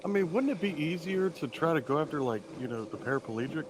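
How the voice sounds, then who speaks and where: A man co-hosting a podcast, chiming in with quick teasing remarks in casual chat. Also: a little high, expressive, noisy background. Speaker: podcast co-host.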